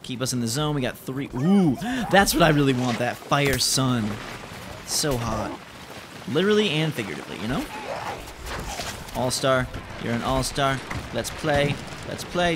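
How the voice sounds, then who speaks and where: A young man giving excitable let's-play commentary as a gaming channel host, exclaiming and repeating himself. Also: medium pitch, normal speed. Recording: noticeable background noise.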